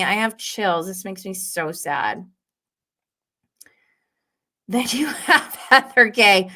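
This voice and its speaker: Woman, young adult, live show host, chatty, giggly, reads viewer comments aloud, lively swooping pitch. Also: takes it slowly, long pauses. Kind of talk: live show recapping reality TV.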